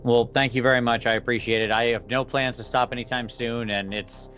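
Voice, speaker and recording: A man talking as a guest on a casual interview podcast, thoughtful and measured. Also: medium pitch, fairly even intonation, a bit bright, faint music behind. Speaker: podcast guest, miniature painter.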